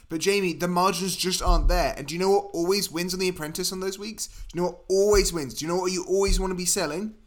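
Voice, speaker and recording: A British man with a somewhat high-pitched voice co-hosting a casual comedy podcast. He jokes in a mock-salesman bravado, pushing silly schemes with full confidence. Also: fast, few pauses. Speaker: podcast co-host.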